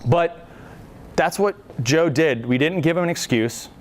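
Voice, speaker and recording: A man's voice: a little high, unhurried. A man in his thirties, a veteran speaker telling a casual, joking story to an audience and acting out the quotes. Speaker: veteran speaker at a library talk. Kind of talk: storytelling presentation.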